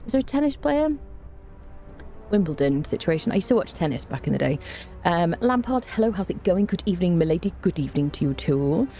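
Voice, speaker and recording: A woman's voice: fairly low pitch, lively intonation, quick pace, dark tone, faint music behind. A tired woman game streamer in casual live-stream chat, bubbly and chatty as she greets her viewers one by one with repeated hellos.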